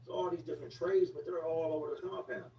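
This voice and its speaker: A man's voice: a little high, fairly even intonation, fast, dark tone. A man telling a story in a casual, slangy way, repeating words for emphasis. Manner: slangy, repetitive street talk. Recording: echoey room, distant mic, faint noise.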